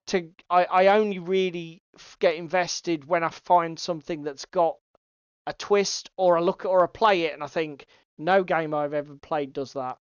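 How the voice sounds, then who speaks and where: A co-host with a smooth, resonant, fairly high voice rambles through a casual stream chat, swearing freely and laughing often. The recording is dry, a little dull, with no room sound.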